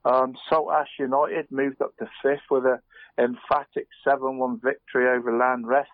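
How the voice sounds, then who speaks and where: A man chats his way through local football scores, restarting his sentences and tacking "mate" onto almost every phrase. His voice sits at an ordinary middle pitch. The sound is thin and tinny, like a phone line, and completely dry. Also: level tone, no echo. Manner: chatty, says "mate" constantly, halting restarts. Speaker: radio sports presenter. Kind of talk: casual football results round-up. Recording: phone-line quality radio audio.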